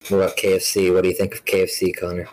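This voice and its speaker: Swearing young man, low voice. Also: completely flat delivery, rapid-fire, crowd noise, rough recording. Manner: joking, swears a lot, mock outrage. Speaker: podcast host. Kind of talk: casual podcast chat.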